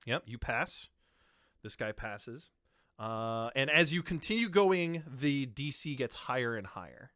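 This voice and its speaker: A male game master narrates a tabletop session. He laughs often and talks in loose, halting bursts. His voice is bright, and the recording is dry with no room sound. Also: mid-range voice, expressive, no echo. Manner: laughing often, with many fillers and restarts.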